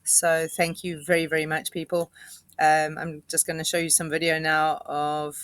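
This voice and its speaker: A woman earnestly thanking supporters, halting and restarting as she speaks. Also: low-pitched, completely flat delivery, fairly bright tone, no echo. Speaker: animal rescue volunteer. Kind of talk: thank-you message to supporters.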